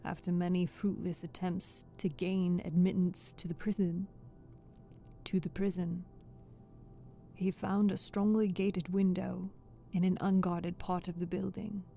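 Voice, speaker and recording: A woman reads aloud in a soft-spoken ASMR style, her voice mellow and a little gravelly. She stays level and unhurried, often going back to repeat a phrase, and faint music plays behind her. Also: on the low side. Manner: steady, careful reading that restarts phrases. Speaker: audiobook reader.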